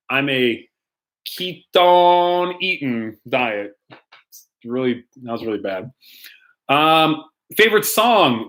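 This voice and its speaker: A man's voice: mid-range voice, fairly bright tone. Playful young man hosting a youth Q&A. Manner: playful, rambling, laughs often, lots of ums. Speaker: youth pastor. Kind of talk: casual live-stream Q&A.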